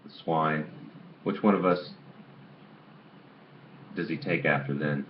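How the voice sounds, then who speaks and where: A man's voice: a bass voice, slow pace. A man reading the lines of a gloomy, short-tempered old grandfather in a story, over a dull lo-fi recording with faint hiss. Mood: gruff. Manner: snapping, gloomy and noisy. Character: gruff angry old grandfather.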